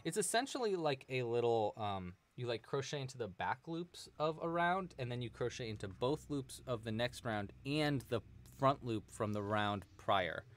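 A man's voice: mid-range voice, expressive, moderate pace. A man hosting a live crochet stream, chatting casually and explaining stitches with many fillers.

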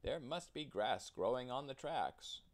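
A man's voice: medium pitch, animated, unhurried, pitched above the performer's own voice, close to an everyday voice. A man voicing a stern old man who teaches young locomotives, in a storybook read-aloud. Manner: firm and stern.

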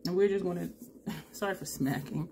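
A woman's voice: lowish voice, normal speed, gravelly, dark tone, slight background noise. A woman vlogger chatting through a makeup tutorial, thinking aloud and correcting herself as she goes. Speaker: beauty vlogger.

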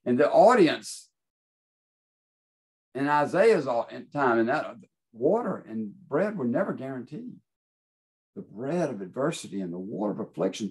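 A man preaching a devotional sermon in an earnest way, reading scripture aloud and repeating phrases with pauses. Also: medium pitch, sing-song, darkish tone, breathy edge, low-quality recording.

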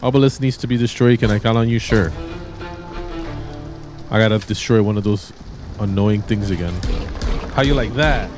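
A man's voice: lowish voice, steady tone, normal speed, pauses often, over music. A man giving casual, rambling gameplay commentary as a YouTuber, easily exasperated and laughing often. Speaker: gaming YouTuber. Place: home room with white background.

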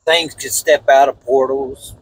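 A man's voice: medium pitch, fairly even intonation, measured pace, slight background noise, rough recording. A man chatting casually beside his wife from a car at night, in a plain, matter-of-fact way. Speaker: vlogger's husband. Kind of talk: casual chat.

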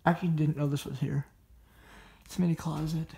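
A man's voice: on the high side, level tone, fast talker, vocal fry, warm tone, reverberant. A man narrating as he explores an abandoned house, a bit out of breath, rambling and often correcting himself, filmed on a phone. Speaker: urban explorer vlogger. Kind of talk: casual walkthrough narration. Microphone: phone held while filming.

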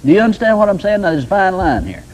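Husky-voiced older preacher, lively pitch. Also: male voice, rapid-fire, low-quality recording. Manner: folksy, conversational preaching with homespun examples. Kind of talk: sermon teaching.

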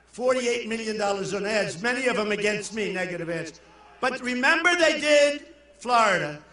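Older man shouting a rally speech in an echoey hall. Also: sits high, recorded from a distance. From New York. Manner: boastful, rambling, shouts lines to the crowd. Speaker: political candidate at a rally. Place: large indoor arena.

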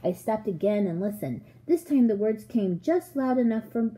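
A woman narrates a children's storybook aloud with expressive, measured pacing. Her voice is mellow and warm. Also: fairly high pitch, rough recording. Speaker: audiobook reader.

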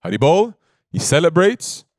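A man's voice: fairly high pitch, wildly swooping pitch, moderate pace, no echo. Emphatic male spiritual teacher, dry sound. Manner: conversational, checks in with listeners, emphatic. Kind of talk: devotional sermon storytelling.

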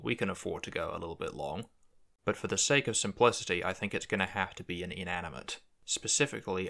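Low gravelly man musing through a tutorial. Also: pushed and bright. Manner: thinking aloud, musing. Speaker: conlang video host. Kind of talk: screen-recorded tutorial narration.

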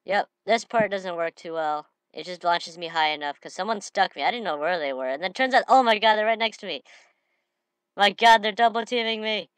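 A slightly sniffly woman giving excitable gameplay commentary, breaking into shouted trash talk. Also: mid-range voice, fairly quick, clear, resonant tone, no echo. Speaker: gamer.

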